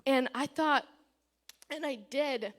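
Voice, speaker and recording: A woman's voice: sits high, slow. A woman giving a personal church testimony, chatty and candid, retelling events with lots of "I was like" and nervous fillers. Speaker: testimony speaker.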